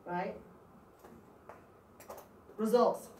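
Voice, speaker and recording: A woman running a motivational sales training, animated and playful, teasing the room and drawing call-and-response answers. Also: medium pitch, drawn-out words, slight background noise. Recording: echoey room recording from a distance.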